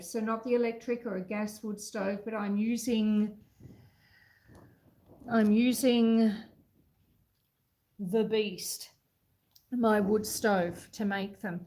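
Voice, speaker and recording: A woman's voice: a little high, darkish tone, echoey room, poor audio. An Australian woman hosting a casual live-stream baking chat from her home kitchen. She is chatty and self-deprecating, and she reads viewers' messages aloud while she cooks.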